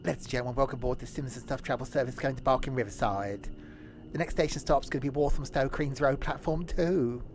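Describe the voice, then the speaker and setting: A man doing a deadpan train guard. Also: medium pitch, fast, a little hiss or hum, close to an everyday voice. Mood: deadpan announcing. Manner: formal announcer patter with deadpan jokes. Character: cheerful male train guard making announcements.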